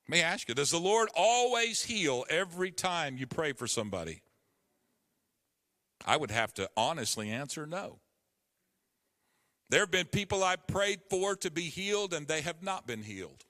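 A male pastor with a bright, forceful, somewhat high voice delivers a sermon, pressing his points with emphatic rising calls. His words ring out with a long reverb, as in a large church sanctuary. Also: sing-song, normal speed, pauses often.

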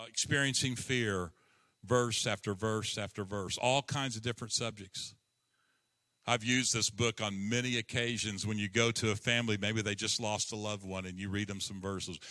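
A middle-aged male pastor preaching a sermon, slow and emphatic, climbing to impassioned peaks. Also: mid-range voice, sharp tone. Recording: long hall reverb.

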